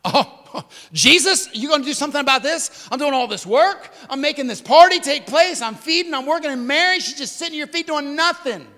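A man voicing an overworked woman who complains in a rapid, exasperated way. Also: high voice, very animated, creaky, bright, forceful tone, husky, long reverb tail, exaggerated voice.

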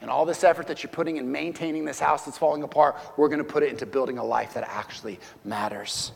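A man's voice: a little high, fast, vocal fry, slightly rough, long reverb tail. A man preaching a sermon as pastor, talking conversationally and putting questions to his congregation.

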